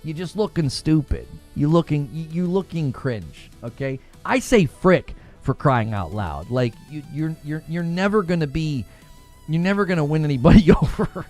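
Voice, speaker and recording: A man hosting a casual gaming livestream, animated and laughing often as he reads and answers chat. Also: on the high side, normal speed, soft background music.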